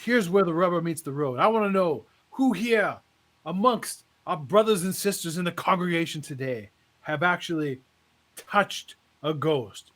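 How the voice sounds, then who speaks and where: A man voicing a showy, fervent male tent-revival preacher in a pompous preaching cadence with drawn-out pauses. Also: fairly high pitch, lively intonation, fairly bright tone. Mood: solemn build-up.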